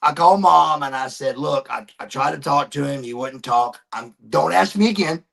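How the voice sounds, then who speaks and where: A man's voice: on the high side, normal speed, gravelly, a bit bright. A man, a podcast guest animatedly telling a personal story and calling people brother. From Georgia, USA.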